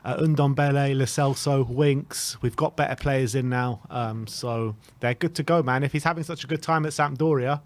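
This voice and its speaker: A man hosting a casual football fan show, talking in an animated, emphatic way and often repeating himself. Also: mid-range voice, moderate pace, few pauses.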